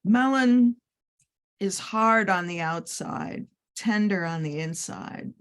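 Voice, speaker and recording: Woman reading poems slowly. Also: on the low side, a bit bright, clear, resonant tone. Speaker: workshop participant. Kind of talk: reading poetry aloud.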